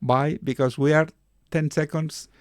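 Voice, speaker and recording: A man's voice: a little high, flat delivery, measured pace, clear, resonant tone, no room sound, clean studio sound. A man hosting an online meeting on a video call, chatting and reading out names, asking how to pronounce them. His first language is Spanish. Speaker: meeting host and mentor.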